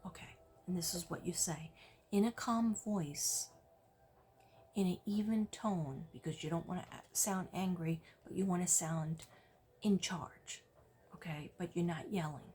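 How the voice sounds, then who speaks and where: A woman giving a psychic reading, soft-spoken and gently reassuring, often dropping to a whisper and checking in with "okay?". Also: on the low side, unhurried, slight background noise. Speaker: psychic reader.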